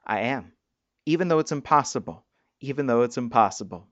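A man voicing a smooth, pleasant young man made of mosaic pieces in a storybook reading. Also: mid-range voice, lively intonation, a little fast, no room sound, muffled recording, natural voice.

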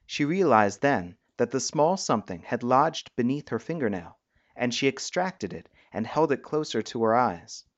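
Male narrator, measured storybook reading, mid-pitched voice, dull dry sound. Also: very animated, no echo.

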